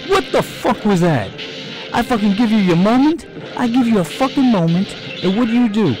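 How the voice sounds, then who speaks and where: A man's voice: medium pitch, lively intonation, quick pace, music in the background, natural voice. A man voicing a hot-tempered, foul-mouthed film director who bosses an actor around. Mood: furious. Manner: coaxing, then yelling insults.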